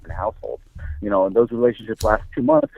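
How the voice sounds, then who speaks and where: A man talks fast and crude in a private phone call, his pitch jumping around a lot. The sound is thin and phone-like, as from a wiretap, with a dry, close quality. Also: wildly swooping pitch, creaky. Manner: crude, rapid gossiping. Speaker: recorded caller. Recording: tinny wiretapped phone line.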